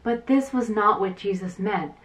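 A woman teaching Sunday school to children, retelling a Bible story in an animated way and acting out the quotes, with some fillers. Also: mid-range voice, moderate pace, far from the mic.

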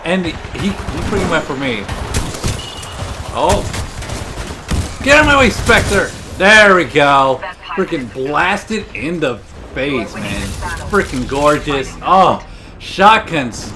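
A man commentating his own shooter gameplay in an excitable way, swearing often and laughing or shouting at big moments. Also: on the high side, slow pace, crowd noise. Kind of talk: let's play commentary.

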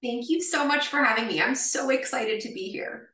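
Bright Canadian woman in echoey room. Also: on the high side, moderate pace, far from the mic. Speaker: guest, hormone nutritionist. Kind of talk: interview answers.

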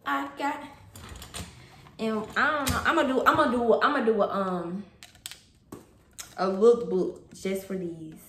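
In her fashion haul video, a young woman with a mid-range voice chats casually, playful and slangy and laughing often. The echoey room recording carries a little hiss or hum.

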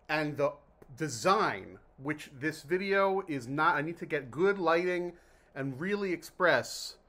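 Male vlog host from New Jersey, slightly high voice, loose jokey rambling delivery. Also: fairly bright tone. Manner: chatty, jokey, self-interrupting. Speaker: vlog host reviewing mineral water. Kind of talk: casual rambling vlog talk.

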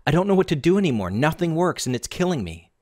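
A desperate wife, played by a man, pleads in a shaky, tear-choked voice pitched well above his own. The sound is close and dry, with no room around it. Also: sing-song, fast talker, a little mellow, dry recording. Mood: tearful. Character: sobbing, desperate married woman.

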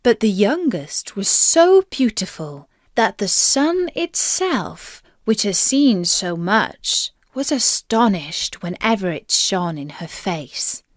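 Female storybook narrator for learners, slow and deliberate, dry close sound. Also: medium pitch, big pitch swings, no echo.

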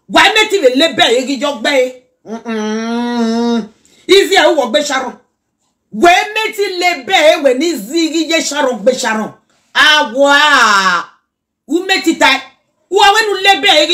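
Nigerian woman, high bright voice, preachy Pidgin reaction rant, bursts into song. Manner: animated, preachy, mixes Pidgin and local language, breaks into song.

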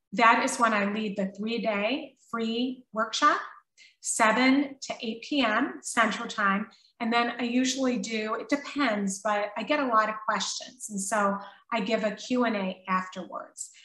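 Middle-aged woman host, bright and chatty, live Q&A, somewhat off-mic in a roomy space. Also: fairly high pitch, recorded from a distance. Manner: chatty, reads viewer comments aloud, frequent ums. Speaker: parenting coach and live-stream host. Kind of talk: casual live-stream Q&A. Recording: echoey room, voice somewhat off-mic.

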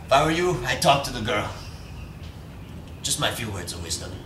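A man's voice: mid-range voice, sing-song, normal speed, fairly bright tone. A teenage boy in a student film playing a cocky Cuban schoolmate who mixes in Spanish words and boasts like a mentor. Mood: boastful. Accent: put-on Spanish-tinged. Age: teens. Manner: swaggering, sprinkles Spanish words. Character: cocky Cuban cigar-smoking male schoolmate, swaggering mentor. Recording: echoey room, distant mic, faint hiss.

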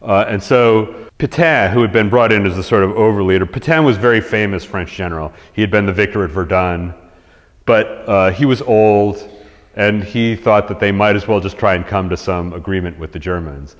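A man gives a conversational history lecture to a room, lower in pitch than most men. He tells it as a story, slips into lively voices for quotes and often restarts a phrase. The sound carries a long hall reverb. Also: moderate pace. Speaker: resident historian giving a talk.

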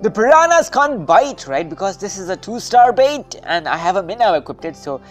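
A man hosting a gameplay video, chatting playfully and bursting into shouts and sing-song calls. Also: high-pitched, big pitch swings, moderate pace, soft background music. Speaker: gaming video host. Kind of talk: gameplay commentary.

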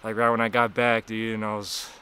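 In a casual vlog recap filmed outdoors by a cold river and waterfall, a young man rambles and curses about nearly drowning, left shaken, weak, tired and chilled. He speaks briskly in a fairly low, level voice that is bright, forceful and smooth.

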